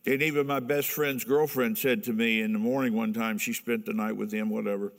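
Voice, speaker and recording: A man's voice: lowish voice, steady tone, a little fast, vocal fry. An older man from Ohio telling his personal testimony in a candid, earnest way, chuckling now and then. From Ohio, USA. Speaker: speaker giving a personal testimony. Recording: long hall reverb.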